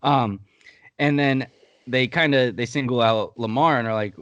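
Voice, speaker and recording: A man's voice: mid-range voice, steady tone, normal speed, fairly bright tone, clean tone, no room sound. A man hosting a casual podcast, breaking down a TV episode in a heated, blunt way and swearing freely. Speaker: podcast host.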